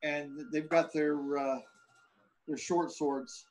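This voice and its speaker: A man narrating a tabletop role-playing game as game master, relaxed and thinking aloud with fillers. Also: a little high, slow pace, low-quality recording.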